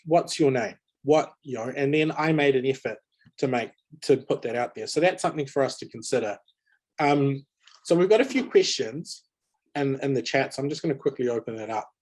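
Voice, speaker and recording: A man moderating an online panel discussion over a video call, speaking earnestly from personal experience. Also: medium pitch. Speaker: webinar moderator.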